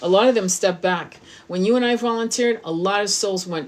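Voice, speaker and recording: A woman's voice: medium pitch, brisk, few pauses. A middle-aged woman giving a spiritual tarot reading, talking bluntly and passionately and swearing freely. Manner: blunt, profane, impassioned. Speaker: tarot reader.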